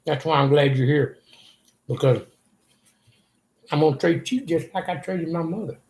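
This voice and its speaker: A man's voice: on the high side, moderate pace, a little mellow. An older man, earnestly telling a rambling personal story in an interview. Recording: echoey room.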